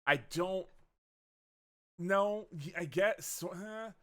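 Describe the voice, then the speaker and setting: A man's voice: high-pitched, takes it slowly, a bit bright. A man co-hosting a casual movie review chat, rambling with lots of fillers, self-corrections and swearing. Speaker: podcast co-host.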